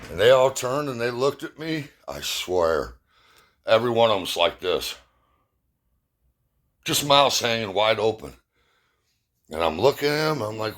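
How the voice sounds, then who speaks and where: A man's voice: lowish voice, sing-song, a little slow, pauses often, fairly bright tone. A middle-aged man casually telling rambling, profane, self-mocking stories and jokes to his viewers. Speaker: vlogger. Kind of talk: casual storytelling.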